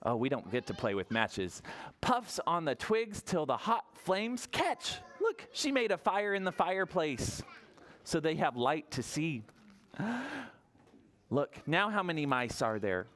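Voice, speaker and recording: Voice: medium pitch, very animated, fairly bright tone. A children's librarian reading a picture book aloud to toddlers, coaxing and sing-song, counting along and asking the little ones questions. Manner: counts aloud slowly and playfully.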